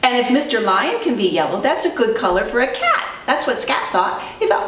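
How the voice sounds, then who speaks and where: A female preschool teacher telling a story to children in an animated way, asking them questions as she goes. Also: a little high, brisk, few pauses. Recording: roomy distant recording, faint noise.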